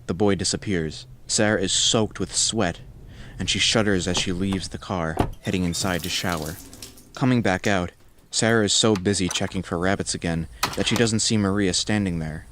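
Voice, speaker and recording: A man narrating a horror story in a measured, scripted storytelling voice. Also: sits low, background noise.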